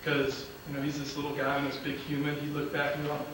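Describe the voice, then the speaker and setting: A man gives a motivational talk from an auditorium stage, telling comic stories and acting out the other people's lines. His voice sits a little high, and it reaches the mic from a distance. The hall's strong echo and loud room noise surround every word. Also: monotone, fast. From Illinois. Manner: comic storytelling, acts out dialogue, laughs at his own jokes. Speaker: motivational speaker. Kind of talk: storytelling speech to a live audience. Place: large auditorium.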